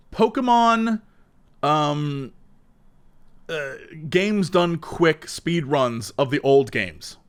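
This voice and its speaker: A young man co-hosting a podcast, chatting casually and acting out the voices in his stories. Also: on the high side. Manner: animated storytelling with mimicked voices. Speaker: podcast co-host. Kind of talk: casual chat.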